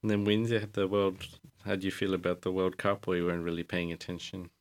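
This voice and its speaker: A woman's voice: a bass voice, little pitch movement, quick pace. A woman co-hosting a podcast in casual chat, asking questions and chuckling between short replies. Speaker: podcast co-host.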